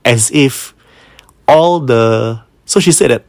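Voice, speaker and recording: A man's voice: medium pitch, takes it slowly, darkish tone, no echo. Singaporean man retelling a ghost story. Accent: Singaporean English. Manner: casual, mixes in Malay words, acts out quotes.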